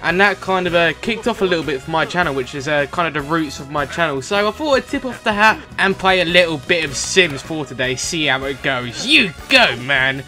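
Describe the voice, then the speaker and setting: A young man hosting a gaming channel, chatting and teasing through game commentary in a jumpy, excitable way. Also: brisk, hardly any pauses. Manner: chatty, teasing, prone to sudden excited pitch jumps. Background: game music.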